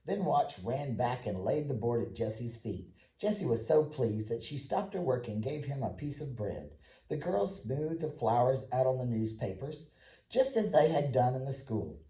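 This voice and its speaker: Dark-voiced man reading a children's book. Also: mid-range voice, moderate pace. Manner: plain, even storytelling with small slips. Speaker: audiobook reader. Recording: echoey room.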